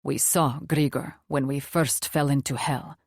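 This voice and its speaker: A man's voice: medium pitch, fairly even intonation, a little slow, no room sound, clean studio sound, voice pushed down. Woman doing a curt, guarded wolf man. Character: guarded young wolf shifter man, protective.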